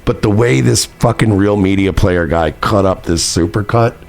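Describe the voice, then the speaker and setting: A man's voice: lowish voice, normal speed, vocal fry, a little mellow, faint music behind. A man streamer delivering heated, profane, repetitive commentary, ranting and reacting to clips. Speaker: streamer host.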